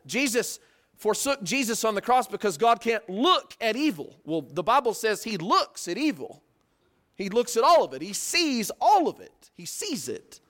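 A man preaching a sermon, earnest, building to emphatic peaks and then dropping to quiet, slow lines. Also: sits high.

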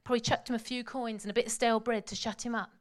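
Woman preaching, high voice, goes from hushed to loud while she tells the story. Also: fairly even intonation, rapid-fire. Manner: dramatic storytelling, swings from hushed to shouting. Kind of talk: sermon.

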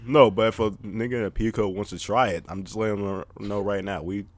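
A man co-hosting a podcast, his voice sitting low. He talks in a boastful, teasing way and laughs often in casual banter. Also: steady tone, fairly quick, dry recording. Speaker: podcast co-host. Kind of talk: casual joking chat.

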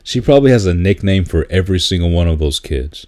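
A man in casual chat, laid-back and laughing often, repeating words when he gets excited. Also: low voice, quick pace.

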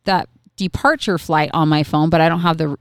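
Lively storytelling woman, smooth voice. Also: deep voice, normal speed, no echo, studio quality. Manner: animated storyteller, acts out her kids' voices. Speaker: podcast co-host. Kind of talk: casual chat.

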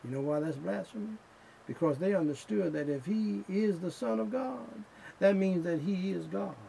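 A man preaching a sermon in slow, emphatic phrases that build in fervor. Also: high-pitched, vocal fry, mellow, a little hiss or hum, poor audio.

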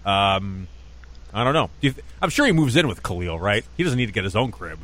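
A man's voice: on the low side, no echo. A man co-hosting sports radio, joking and bantering casually about football. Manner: lively, joking, quick to laugh. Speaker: radio co-host.

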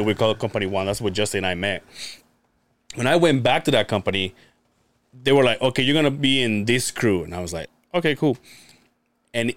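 A man's voice: medium pitch, fairly bright tone, dry recording. A man chatting casually on a podcast in a studio, telling a long work story with lots of restarts, repeated words and cursing. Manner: rambling storyteller with many restarts; swears freely. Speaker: podcast guest. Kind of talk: casual chat.

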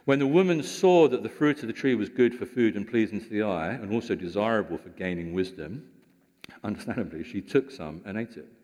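A man's voice: fairly low pitch, animated, fairly quick, a little mellow. A man preaching a sermon, explaining scripture in a conversational way with rhetorical questions. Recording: long hall reverb.

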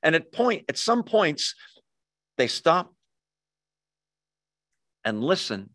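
A man preaching a sermon to his congregation, telling the story in a chatty, animated way with quick asides to listeners. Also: on the high side, dry recording, clean studio sound. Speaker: pastor.

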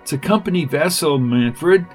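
A man's voice: on the high side, lively intonation, moderate pace, soft background music, natural voice. A man reading aloud as a practical woman colleague who coaxes and advises. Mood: coaxing.

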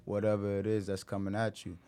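Reflective man speaking haltingly. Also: on the low side, monotone, dark tone, clear, resonant tone. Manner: reflective, halting, many restarts. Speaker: guest. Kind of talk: casual chat.

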